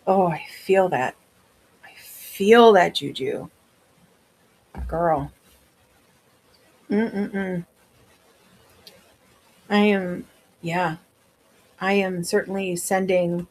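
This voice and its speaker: A woman's voice: lowish voice, extremely slow, long pauses, darkish tone. A woman with a Wisconsin accent chatting casually on a livestream as a seller, rambling with many fillers. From Wisconsin, USA.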